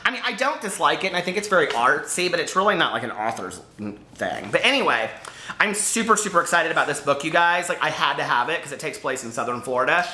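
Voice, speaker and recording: Brief: American male book vlogger, rambling chatty delivery, bright forceful tone, roomy echo. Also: a little high, big pitch swings, quick pace, a little hiss or hum. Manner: chatty, rambling, lots of asides and fillers. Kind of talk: casual unboxing chat to camera. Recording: echoey room.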